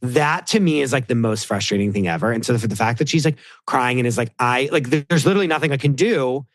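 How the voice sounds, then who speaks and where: A man's voice: mid-range voice, brisk, no room sound. Male podcast guest, rambling casual talker, dry close sound. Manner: rambling, heavy use of "like", animated quoting of others. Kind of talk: casual chat.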